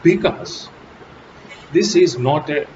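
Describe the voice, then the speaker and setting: Slow, emphatic male lecturer. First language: Telugu. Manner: slow, emphatic teaching with sharp pitch jumps on key words. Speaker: English lecturer. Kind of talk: recorded college lecture. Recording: dull lo-fi audio with steady background noise.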